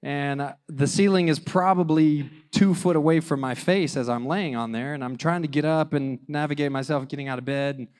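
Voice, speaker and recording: Guy in his 30s telling a dad story, smooth clear voice, jokey and animated. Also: on the high side, a little fast, few pauses. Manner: animated, self-mocking, acts out dialogue. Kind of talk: personal storytelling testimony.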